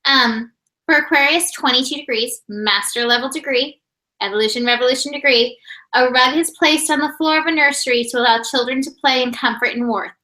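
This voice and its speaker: A woman co-host who is eager and agreeable in a casual spiritual chat. Her voice is high and very bright. She reads astrology passages at a quick clip. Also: poor audio. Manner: enthusiastic, agreeable, quick reading. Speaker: co-host reading astrology symbols.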